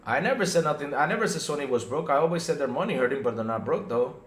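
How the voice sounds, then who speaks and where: A man hosting a casual gaming podcast stream, animated and talking straight to his viewers, often checking in with "right?". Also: on the high side, fast talker, roomy sound. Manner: animated, talks to chat viewers, lots of "right?" and restarts. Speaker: podcast host. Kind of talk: casual livestream podcast chat.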